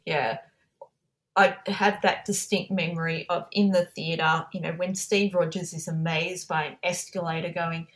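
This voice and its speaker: A woman podcaster chatting casually, recounting memories in a relaxed, reflective way. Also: on the low side, unhurried. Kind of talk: casual chat.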